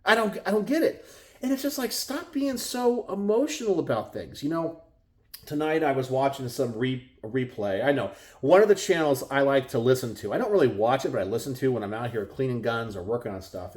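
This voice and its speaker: A man's voice: lively intonation, fairly quick. A middle-aged man with a Texan accent, talking casually to his viewers from his garage, exasperated and full of rhetorical questions. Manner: exasperated, rhetorical, mimics others in high voices. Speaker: gun channel host. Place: home garage.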